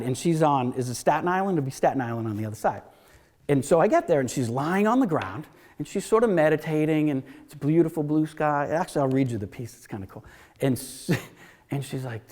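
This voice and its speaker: A man in his fifties gives a casual, rambling storytelling talk at a library event, packed with asides and acted-out quotes. His voice is medium-pitched with a darkish tone, and the recording carries long hall reverb.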